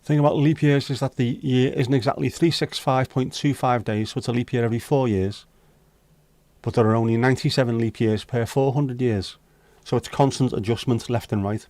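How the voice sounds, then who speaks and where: This is a man's medium-pitched, slightly mellow voice, fairly quick and fairly even in intonation, recorded with no room sound. He hosts a laid-back virtual pub livestream, reading comments aloud and chatting, joking and bantering with his viewers.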